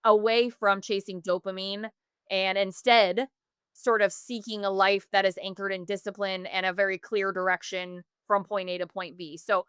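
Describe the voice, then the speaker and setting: A woman's voice: medium pitch, flat delivery, moderate pace, fairly bright tone, clean tone, dry recording, clean studio sound. A woman in her thirties, a podcast guest, telling a personal story earnestly, with many fillers and self-corrections. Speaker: podcast guest, business founder.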